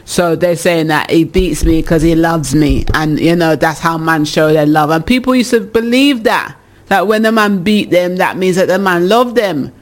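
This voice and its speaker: Animated man hosting an advice show. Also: a little high, moderate pace. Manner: animated, laughs often, frank opinions. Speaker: advice show host reading listener letters. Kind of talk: casual advice chat.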